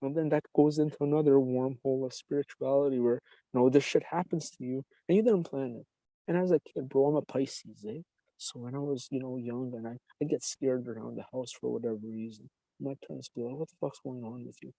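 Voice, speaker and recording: A man's voice: mid-range voice, fairly even intonation, fairly quick, gravelly, dark tone, no echo, low-quality recording. A man in casual podcast chat, telling a rambling, profane story and acting out the voices in it. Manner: profane, rambling, laughs often, acts out voices in his story.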